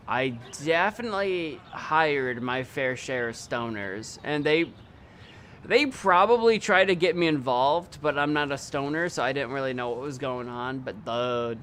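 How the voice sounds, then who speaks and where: A man's voice: medium pitch, measured pace, a bit bright, a little hiss or hum. A young man streaming a video game live, rambling casually and talking back at the screen and his chat. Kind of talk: live gameplay commentary.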